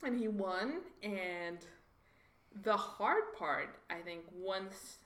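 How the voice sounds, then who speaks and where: A woman from Mexico, telling personal stories in a lively conversational way and acting out the voices of others. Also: mid-range voice, extremely slow. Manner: animated, acts out quoted voices. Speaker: guest. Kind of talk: conversational storytelling. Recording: roomy echoey room.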